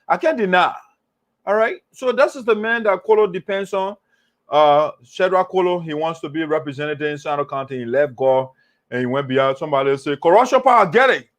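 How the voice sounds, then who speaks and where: A man hosting a political talk show, animated and mocking, repeating phrases for emphasis. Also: fairly high pitch, a little fast. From Liberia. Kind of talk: political commentary monologue.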